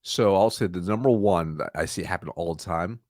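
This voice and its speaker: A man answering interview questions about sales calls, energetic, acting out timid and confident voices. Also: a little fast, dry recording, clean studio sound. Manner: energetic, demonstrates weak and confident tones by shifting his pitch. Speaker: sales consultant, guest.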